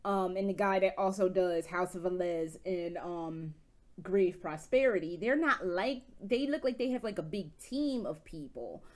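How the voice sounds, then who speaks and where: A woman vlogger reviewing games in casual chat, telling stories in an animated, profane way with frequent laughs. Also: fairly low pitch, measured pace. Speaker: video game vlogger.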